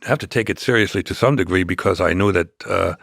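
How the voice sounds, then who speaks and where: An older man, telling his story as an interview guest, halting with many restarts and fillers. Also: deep voice, vocal fry, fairly bright tone, dry recording, studio quality. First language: German.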